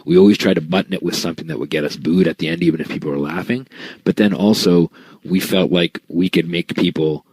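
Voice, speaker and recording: A husky, deep-voiced man talks quickly and earnestly as co-host of a casual podcast chat. His voice is dry and close to the mic. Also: steady tone, a little mellow, no echo.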